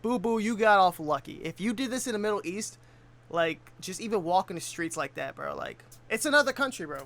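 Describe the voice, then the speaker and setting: A man's voice: high voice, expressive, brisk, creaky, fairly bright tone. A man giving casual reaction commentary on a video, full of laid-back slang.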